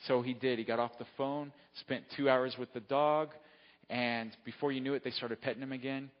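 A man delivers a sermon in an easy, conversational manner, pausing to check in with his listeners as he tells a story. His voice sits in a middle pitch and rings with a long hall reverb. The recording sounds dull and lo-fi. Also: fairly even intonation. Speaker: preacher.

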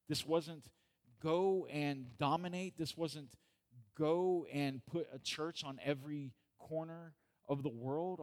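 Man preaching a chatty, joking sermon. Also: a little high. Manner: conversational and joking, asks the congregation questions. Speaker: pastor.

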